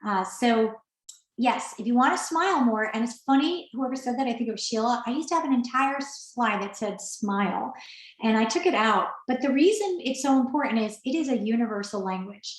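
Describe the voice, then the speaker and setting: A woman's voice: a little high, expressive, fairly quick, reverberant, poor audio. Conversational woman coaching a workshop. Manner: conversational, coaching, answers chat questions. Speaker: workshop presenter. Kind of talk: online professional skills workshop.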